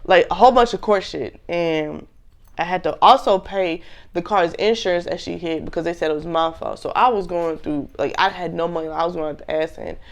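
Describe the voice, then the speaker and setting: A woman's voice: on the low side, fairly quick. A young woman in her twenties casually telling a personal story to viewers, candid and full of slang.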